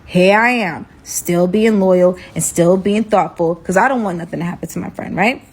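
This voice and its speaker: On a low-quality recording, a young woman casually recounts a dramatic personal story and acts out the dialogue as she goes, animated throughout. Her voice is lowish with a breathy edge, and her pace is moderate.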